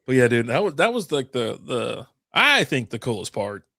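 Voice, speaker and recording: A man's voice: medium pitch, big pitch swings, normal speed, gravelly, bright, forceful tone, no room sound, clean studio sound. A man with a drawl, co-hosting a podcast, rambling through stories over beers and swearing freely. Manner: rambling storyteller, swears a lot. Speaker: podcast co-host. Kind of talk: casual chat over beers.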